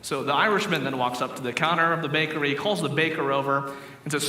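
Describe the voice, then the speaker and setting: Pastor, male, bright and forceful tone, storyteller; recorded from afar in a reverberant church. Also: on the high side, fast, recorded from a distance, slight background noise. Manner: animated storyteller voicing characters in jokes. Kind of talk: sermon storytelling. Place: church sanctuary. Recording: echoey hall recorded from afar.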